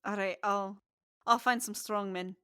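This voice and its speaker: A woman's voice: medium pitch, steady tone, measured pace, sharp tone, smooth, no echo. A jittery young deckhand, hesitant and eager to please, as a woman puts him on. His voice sits in a middle register, dry and close to the mic. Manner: hesitant, nervous. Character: nervous young male crew member.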